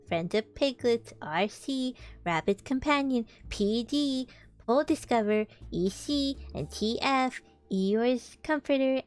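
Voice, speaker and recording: A young woman streamer reading a storybook aloud, animated, with chatty asides to her viewers. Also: on the high side, clear, resonant tone. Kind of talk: casual read-aloud stream. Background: faint background music.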